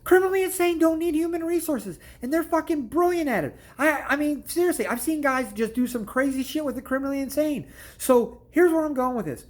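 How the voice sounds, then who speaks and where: A man's voice: very high voice, animated, fairly quick. A man hosting his own channel, telling stories in a blunt, crude comedic rant and swearing constantly. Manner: storytelling with repeated "I'm like" asides. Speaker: channel host. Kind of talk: profane comedic rant to camera.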